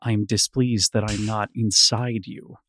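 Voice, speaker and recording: A podcast reader voicing a brooding, possessive male underworld god in a slow, low, seductive tone. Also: level tone, a bit bright, slight background noise, lightly acted. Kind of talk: reading a novel passage aloud on a podcast.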